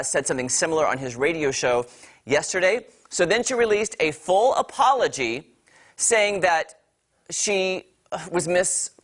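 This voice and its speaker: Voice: medium pitch, a bit bright. An entertainment news host on a morning TV show, chatty and opinionated. The host speaks straight to viewers with emphatic, fired-up commentary and a mid-range voice. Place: TV studio.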